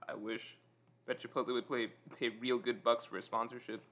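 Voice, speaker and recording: In a relaxed, casual chat with his live audience, a man eats and pokes fun at himself while reading out comments from the chat. His voice is medium-pitched and his pace is normal.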